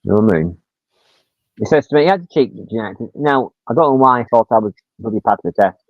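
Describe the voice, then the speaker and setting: A man's voice: fairly low pitch, animated, quick pace, no echo. A man in his fifties, chatting casually as a livestream host and rambling through stories with frequent mild swearing. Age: 50s. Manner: rambling storyteller, swears casually, acts out quotes. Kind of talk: casual chat. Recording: tinny, dry phone-like sound.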